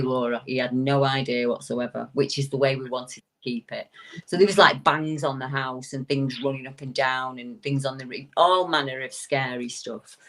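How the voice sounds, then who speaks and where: Animated woman telling a story. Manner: animated storyteller, swooping into high quoted voices, frequent restarts. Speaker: guest paranormal investigator. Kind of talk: casual storytelling on a talk show.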